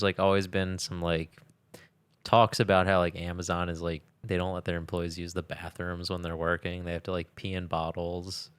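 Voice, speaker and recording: A man's voice: low-pitched, a bit bright, clean tone, dry recording. A young man co-hosting a podcast, telling stories in a rambling casual way with laughs. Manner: rambling, laughs between lines. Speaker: podcast co-host. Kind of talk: casual chat.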